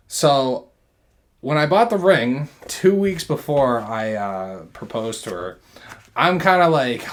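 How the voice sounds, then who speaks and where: Profane, animated young man telling stories. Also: medium pitch. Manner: animated, profane, loud bursts when excited. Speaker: podcast host. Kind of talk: casual storytelling chat.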